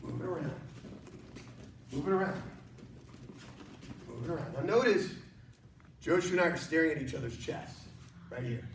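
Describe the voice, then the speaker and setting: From his studio, a high-voiced man runs an online martial arts class, coaching with energy and jokes at a normal speed with long pauses. He stands well back from the mic in an echoey room, and a faint hiss lies beneath his voice.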